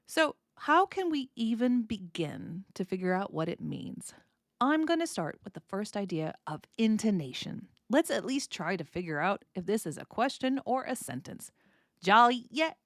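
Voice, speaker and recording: American woman, podcast english teacher, clear explanations, very lively pitch, dry close sound. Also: no echo. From United States. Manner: clear, explanatory, demonstrates sounds with exaggerated intonation. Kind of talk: podcast lesson.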